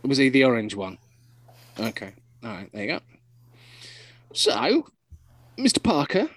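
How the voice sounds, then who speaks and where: A man's voice: a little slow, no echo, rough recording. A man co-hosting a casual podcast, talking in a rambling, chatty way with frequent restarts. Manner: rambling, chatty, lively pitch, laughs often. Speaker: podcast host. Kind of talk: casual chat.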